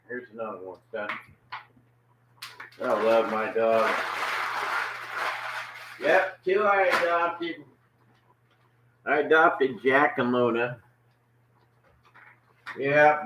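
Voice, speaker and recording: A man, rambling casually on a live home vlog, chatting with his dogs between remarks. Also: fairly high pitch. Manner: folksy Southern drawl, talks to his dogs in baby talk. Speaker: vlogger. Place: home kitchen and porch. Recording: echoey room with faint background noise.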